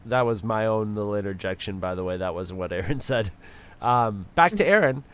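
A man's voice: mid-range voice, smooth. Dry, rambling podcast co-host man. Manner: rambling, dry, sarcastic-sounding. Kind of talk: casual chat. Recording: slightly dull lo-fi sound.

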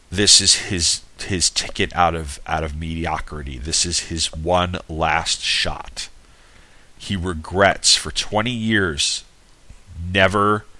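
Man, low voice with a forceful edge, casual rambling film recapper. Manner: rambling, many restarts and asides; animated retelling with acted-out quotes. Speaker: film reviewer.

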